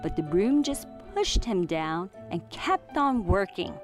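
A woman reading a children's storybook aloud in an expressive, clearly enunciated way. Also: mid-range voice, slow, soft background music. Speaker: storybook reader.

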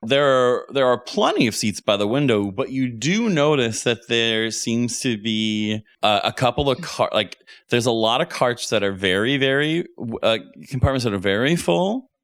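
A man's voice: mid-range voice, animated, fairly bright tone. A man narrating as game master in a casual tabletop role-play, with frequent restarts. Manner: casual, halting, many restarts.

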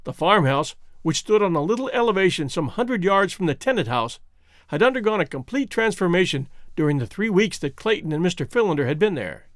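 A man narrating a classic novel as an audiobook in a measured, expressive reading. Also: sits high, no room sound, clean studio sound.

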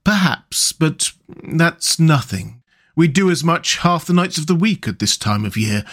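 A man's voice: a little high, expressive, a little slow, fairly bright tone, full character voice. A man voicing a humble, tired male mole from a storybook, sounding weary and wondering.

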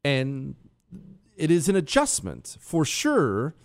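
A male talk radio host riffing on air in a loose, conversational monologue. His voice sits somewhat high and swings widely in pitch as he jokes, mocks himself, and leans into sarcasm. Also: slow pace. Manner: animated, sarcastic and self-mocking.

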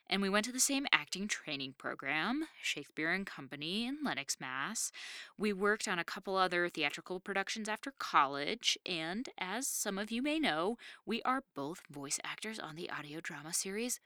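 A woman's voice: low-pitched, bright, forceful tone, smooth, no room sound, studio quality. A young adult woman hosting a podcast, reading an enthusiastic, upbeat introduction. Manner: enthusiastic, upbeat promotional delivery. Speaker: podcast host.

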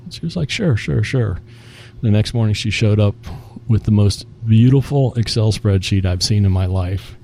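Mellow-voiced man telling work stories. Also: lowish voice, moderate pace, gravelly, slight background noise. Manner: animated storyteller acting out quoted dialogue. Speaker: restaurant executive guest. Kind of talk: casual interview storytelling.

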